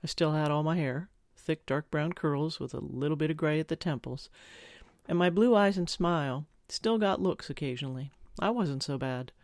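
A man's voice: a little high, moderate pace, no room sound. Close, dry male storyteller. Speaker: audiobook narrator. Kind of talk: first-person story narration.

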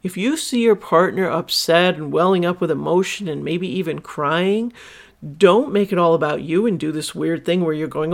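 A woman's voice: on the low side, moderate pace, gravelly. A woman hosting her own podcast, speaking candidly and emphatically as she tells personal stories and gives advice as a sex educator. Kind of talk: solo podcast monologue.

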